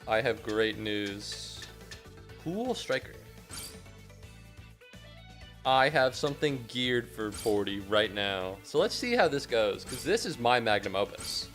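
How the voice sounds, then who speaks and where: A man giving casual gameplay commentary, rambling and profane, bursting into excited yelling. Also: mid-range voice, a little slow, faint music behind. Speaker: gaming YouTuber.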